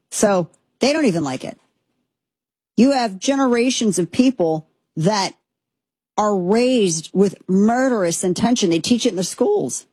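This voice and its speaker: Husky lower-voiced woman ranting on her commentary show, dry close sound, fired up, keeps restarting. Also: darkish tone, dry recording. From United States. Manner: emphatic, impassioned, rambling with restarts. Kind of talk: opinionated political commentary.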